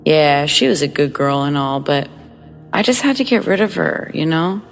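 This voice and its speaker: A woman voicing a creepy, smug older male neighbor who talks calmly and sarcastically. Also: sits low, moderate pace, faint music behind. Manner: calm and sarcastic.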